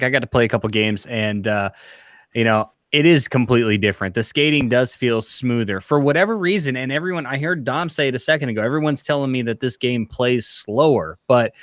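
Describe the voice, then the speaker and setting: A man in casual podcast chat, rambling in a relaxed way with lots of fillers. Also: mid-range voice, fast talker, no echo, studio quality. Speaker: gaming podcast regular.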